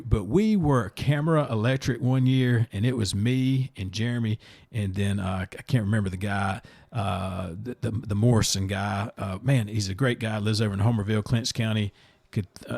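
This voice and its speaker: Rambling man hosting a podcast. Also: mid-range voice. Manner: rambling, self-interrupting, repeats words; blunt and animated. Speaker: podcast host. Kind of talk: casual opinionated chat.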